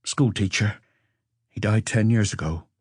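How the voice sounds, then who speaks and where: A man's voice: on the low side, measured pace, a little mellow, slightly rough, dry recording, studio quality. A man playing a weary, sleepless suspect. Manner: hesitant, earnest. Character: weary, sleepless forty-year-old man under questioning.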